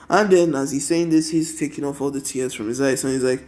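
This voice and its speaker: A man's voice: fairly high pitch, a little fast, hardly any pauses, darkish tone. A tired young man casually narrating a fan story, rambling with constant 'and then' and 'he's like'.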